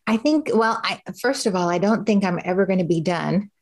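A woman's voice: mid-range voice, a little fast. A middle-aged woman telling her story as an interview guest in a candid, conversational way, acting out the voices she quotes. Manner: animated, acts out quoted voices.

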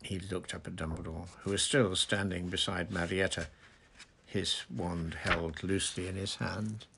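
Man, audiobook reader, low voice, gravelly fry, measured. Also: fairly even intonation, background noise. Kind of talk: narrating a novel aloud.

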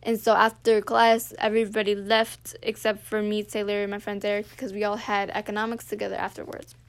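A seventeen-year-old girl hosting a podcast, telling a school story in a casual, animated rant full of "like" and swearing. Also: mid-range voice, fairly quick, clean tone. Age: teens. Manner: animated, heavy use of "like", swears freely. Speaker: podcast host.

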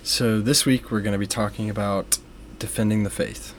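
A young man with a fairly low voice co-hosts a casual faith podcast. He explains things slowly and carefully and leans on frequent ums. A faint hiss sits behind the voice. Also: fairly even intonation. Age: young adult. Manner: measured, with many fillers. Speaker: podcast co-host.

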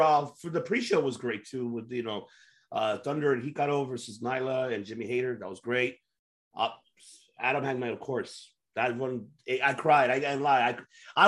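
A man hosting a casual wrestling podcast, excitable and swearing freely, laughing often. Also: medium pitch. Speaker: podcast host.

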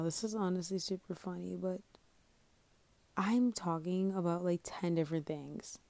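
A woman's voice: on the low side, vocal fry, mellow, no room sound. A young woman hosting her own podcast alone, rambling in a scatterbrained, self-mocking way, sleepy and swearing casually. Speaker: podcast host. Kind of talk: rambling solo podcast chat.

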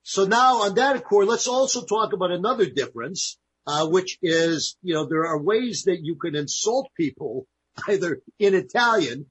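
Jovial husky-voiced man co-hosting. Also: sits high, expressive, moderate pace, highs cut off. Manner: jovial, explains phrases to listeners. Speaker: co-host. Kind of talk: casual radio-style chat.

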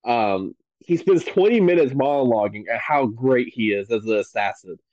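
A man's voice: mid-range voice, animated, normal speed, a little mellow, no room sound, highs cut off. A man guesting on a podcast, talking eagerly and loosely about his favorite film and TV moments, full of "um" and "like.". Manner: enthusiastic, rambling with many fillers. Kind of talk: casual podcast chat.

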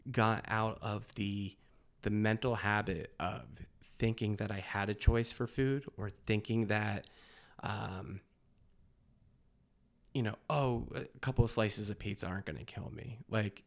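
A man with a fairly low voice talks as a guest on a podcast in a candid, unfiltered way. He is blunt and swears freely, and he laughs often between his points. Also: a little slow, creaky.

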